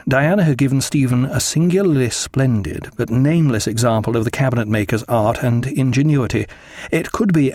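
A man narrating a historical sea novel as an audiobook, measured and expressive. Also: medium pitch, dry recording, studio quality.

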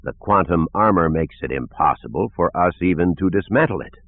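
A man voicing an old male general who speaks in a measured, matter-of-fact way. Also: low voice, expressive. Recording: tinny phone-like lo-fi audio.

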